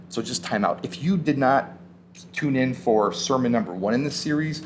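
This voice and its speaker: A male pastor delivers a sermon in an animated, storytelling way, his pitch swinging widely as he leans into key words. He drops into casual, conversational asides between readings. A faint hum of ambience sits under the voice. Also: normal speed.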